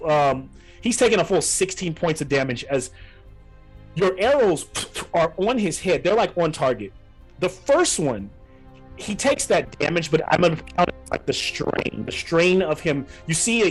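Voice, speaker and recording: Man game master for an online tabletop session, slightly high-pitched, feels his way through scenes with restarts. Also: very animated, slightly rough, soft background music. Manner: halting descriptive narration with frequent restarts.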